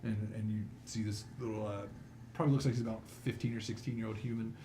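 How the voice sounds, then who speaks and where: A man's voice: lowish voice, level tone, fast, warm tone, roomy sound, a little hiss or hum. A man narrating as game master in a tabletop game, casual and hesitant, with many fillers.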